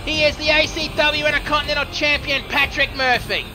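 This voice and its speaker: A man doing a booming wrestling ring announcer. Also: level tone, music in the background. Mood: grandiose. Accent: Australian. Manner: drawn-out, bellowing introductions.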